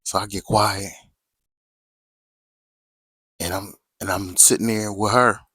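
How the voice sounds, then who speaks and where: A man's voice: fairly low pitch, steady tone, slow pace, fairly bright tone, husky, no room sound. A man telling a story to his viewers in a casual, slangy way, often checking in with "right?" and "you know".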